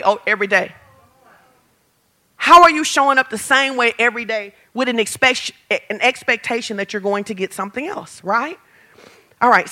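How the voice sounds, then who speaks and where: High, bright-voiced woman preacher. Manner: animated, humorous, builds to shouts. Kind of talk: sermon.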